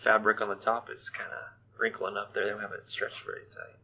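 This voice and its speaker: A man co-hosting a casual wrestling podcast, chatty and quick to laugh. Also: fairly low pitch, level tone, slightly rough. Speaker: podcast co-host. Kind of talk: casual chat recapping wrestling. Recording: dull lo-fi podcast audio.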